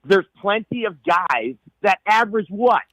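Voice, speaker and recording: A man's voice: high-pitched, expressive, unhurried, a bit bright, dry recording, rough recording. A man hosting a sports radio debate, pressing his point insistently and repeating words as he searches for them. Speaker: host.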